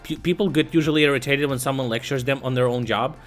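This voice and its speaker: A man's voice: medium pitch, fast, soft background music. A young man streaming, telling a story in casual chat with a profane, exasperated, ranting manner.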